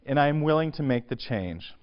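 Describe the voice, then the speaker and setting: A man giving a university lecture on poetry, often hesitating with filler sounds, clearing his throat and restarting his sentences. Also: medium pitch, expressive, brisk. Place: lecture hall. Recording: dull lo-fi lecture recording.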